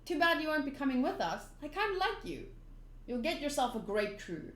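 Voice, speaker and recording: A woman's voice: high-pitched, sing-song, brisk, voice pushed up. A woman voicing a carefree young male pirate captain who talks bluntly and cheerfully. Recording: roomy echo.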